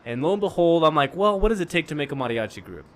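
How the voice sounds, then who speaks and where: A man's voice: fairly high pitch, sing-song, quick pace, a little hiss or hum. A young man, a podcast guest who chats easily and laughs a lot. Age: young adult. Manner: laughs often, easygoing storyteller. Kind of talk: casual chat.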